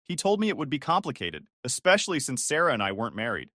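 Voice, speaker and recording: A man's voice: mid-range voice, very animated, quick pace, bright, forceful tone, no room sound, clean studio sound. Man narrating a bitter first-person story.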